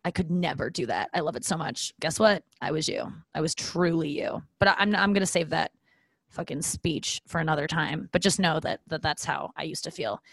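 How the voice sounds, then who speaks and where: A woman's voice: sits low, fairly quick, vocal fry, fairly bright tone, no room sound. A woman in her forties talks alone into a podcast microphone in a loose, rambling monologue. She is self-deprecating, swears casually and keeps drifting off track before steering back. The sound is close and dry, with no room around it. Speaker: podcast host.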